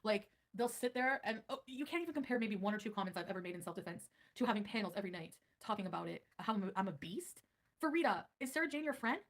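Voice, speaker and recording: A woman's voice: mid-range voice, lively intonation, quick pace, fairly bright tone. A woman livestreaming, ranting defensively at her viewers and answering chat. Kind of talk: livestream rant.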